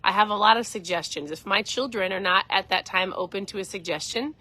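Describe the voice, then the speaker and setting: A woman's voice: mid-range voice, a little fast, bright, forceful tone, no echo. A woman in her forties, a keto coach, chatting earnestly on a casual live stream.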